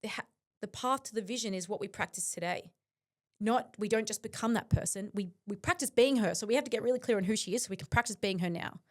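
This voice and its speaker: A woman's voice: mid-range voice, fast talker. A woman, a guest on a podcast, speaking earnestly and intensely about her mindset, with frequent fillers. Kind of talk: reflective interview talk.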